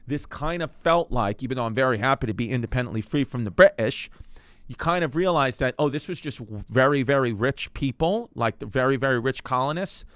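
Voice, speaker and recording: Animated and a little fast, this medium-pitched host tells history in a casual, joking, meandering style, speaking straight to the listener. The recording is dry and studio-clean, and his tone is fairly bright.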